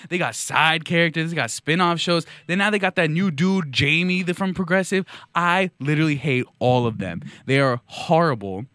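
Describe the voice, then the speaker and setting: A man's voice: a little high, expressive, normal speed, a bit bright, no echo, clean studio sound. A man hosting a podcast, delivering a mock-outraged, sarcastic comedic monologue. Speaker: podcast host.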